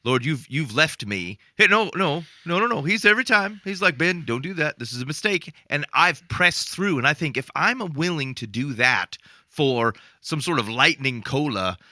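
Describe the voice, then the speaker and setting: A man's voice: fairly high pitch, lively intonation, normal speed, pushed and bright, dry recording. A man co-hosting a faith podcast, chatting casually and earnestly, with many restarts. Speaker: podcast co-host. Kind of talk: casual chat.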